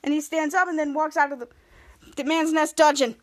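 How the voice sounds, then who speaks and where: A woman's voice: sits high, fairly even intonation, fairly quick. A woman hosting a podcast, giving a rambling casual recap of a TV episode and often restarting her sentences. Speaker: podcast host.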